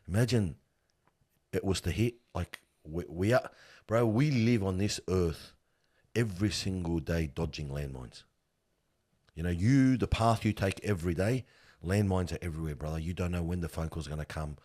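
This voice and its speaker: A man's voice: low voice, normal speed. A middle-aged man who works with funerals, telling stories earnestly in a casual interview, often calling the listener bro. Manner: earnest, animated storytelling, calls the listener bro. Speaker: funeral worker.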